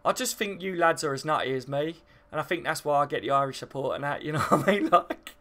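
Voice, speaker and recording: A man's voice: fairly high pitch, expressive, quick pace, sharp tone. A man from the south of England, chatting casually on a football live stream and answering viewer comments, rambling and full of fillers.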